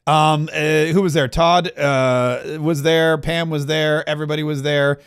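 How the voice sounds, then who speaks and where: High-voiced sarcastic male political host. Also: fairly even intonation, measured pace, clear, resonant tone. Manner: sarcastic, mocking asides and quips; loose, restarts mid-sentence. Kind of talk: opinionated political commentary.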